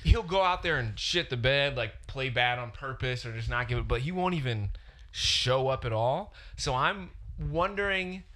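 A man's voice: mid-range voice, pushed and bright. A man hosting a casual sports podcast, swearing freely and talking over his co-hosts. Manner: profane, talks over the others. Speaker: podcast host. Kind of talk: casual chat.

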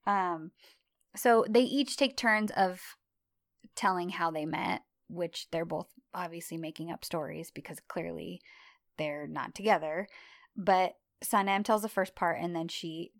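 A woman in casual chat, recapping a TV series with a friend, chatty and quick to laugh. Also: lowish voice, no room sound. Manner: chatty, laughs easily, retells scenes.

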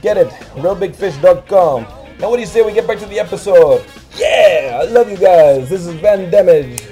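A man doing a comic impression of a boastful male action star, reading a mock advertisement in a hyped pitchman delivery. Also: lively intonation, normal speed, mellow, soft background music. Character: brash male action-star impression hawking a web host.

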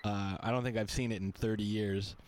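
Rambling, easygoing man with a lower voice. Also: steady tone, a little fast, a little mellow. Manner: rambling, many fillers, jokey asides. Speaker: podcast host. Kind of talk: casual podcast chat.

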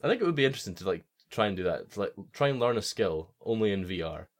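A man's voice: lowish voice, big pitch swings, quick pace. A man hosting a casual podcast chat, laughing often and rambling with restarts. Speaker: podcast host.

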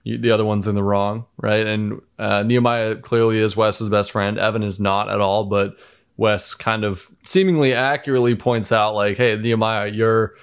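A man co-hosting a casual reality-show recap, measured and wry in his commentary. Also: lowish voice, little pitch movement, smooth. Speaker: podcast co-host.

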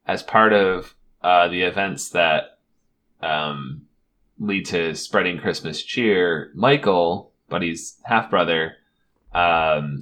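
A young man with a low voice co-hosts a relaxed film chat. He talks in loose, rambling stretches full of fillers and laughs often. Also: a little hiss or hum. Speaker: podcast co-host. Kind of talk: casual chat about a film.

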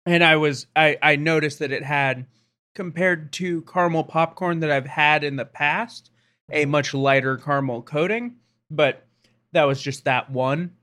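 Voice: mid-range voice, unhurried, fairly bright tone. A talkative podcast co-host sampling snacks with a friend. The delivery is loose and agreeable, full of fillers and easy laughter. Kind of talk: casual snack-tasting chat.

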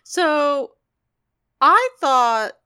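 Woman cohosting a podcast, bright voice, acts out the characters while recapping. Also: high-pitched, drawn-out words. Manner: animated, acts out quotes. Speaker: podcast co-host. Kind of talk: casual episode recap chat.

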